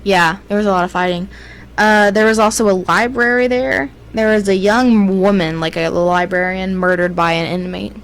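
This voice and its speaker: A woman's voice: medium pitch, fairly even intonation, moderate pace, rough recording. A woman co-hosting a casual podcast, telling ghost stories in a loose, chatty way with lots of fillers. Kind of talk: casual chat.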